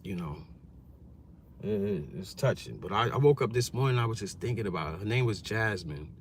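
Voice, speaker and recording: A man talks in an animated, slangy way, his pitch swooping up and down as he tells stories. He records a casual vlog from inside his car, over a faint hiss. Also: a little fast. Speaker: YouTuber.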